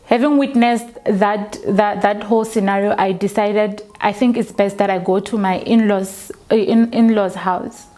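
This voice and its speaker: A woman, telling her own story for a documentary, slow and halting with frequent restarts. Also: mid-range voice, steady tone, dark tone. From South Africa. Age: 20s. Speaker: documentary interviewee. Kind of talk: personal testimony.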